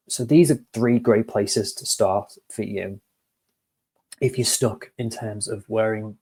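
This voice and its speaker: A man's voice: on the low side, a little mellow, husky. A man, an HR course tutor who talks to viewers in a chatty, direct way and reads a storybook tale. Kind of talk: casual lesson with storytelling.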